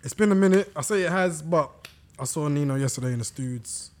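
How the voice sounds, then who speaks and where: Hoarse man hosting a podcast. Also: a little high, a little fast, a little mellow. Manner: slangy, jokey, upbeat. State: hoarse, lost voice. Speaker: podcast host. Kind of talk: casual group chat.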